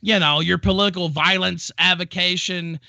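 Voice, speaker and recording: A man hosting a talk show, debating aggressively on a live stream, yelling and hurling profane insults. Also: high voice, steady tone, normal speed, creaky, no echo, dull audio.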